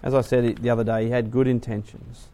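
A man preaching a sermon, retelling a story dramatically, swinging from hushed to loud. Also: mid-range voice, little pitch movement, fast.

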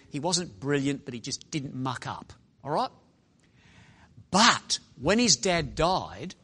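A middle-aged male preacher with a slightly high voice tells a story to young people. He is animated, jumping from loud exclamations to hushed asides as he preaches in a dramatic storytelling style.

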